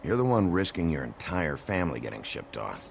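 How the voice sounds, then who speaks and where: A gruff wolf sheriff in human form in a video game, very deep and gravelly, blunt and stern. His pitch still moves a fair amount. The sound is dull and lo-fi with faint ambience behind. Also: big pitch swings, brisk, heavily acted.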